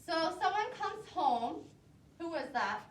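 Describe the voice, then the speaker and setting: A woman preschool teacher reading a picture book aloud to young children, asking them questions as she goes. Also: extremely high pitch. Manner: slow, expressive, asks the children questions. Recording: roomy echo, voice from a distance, faint noise.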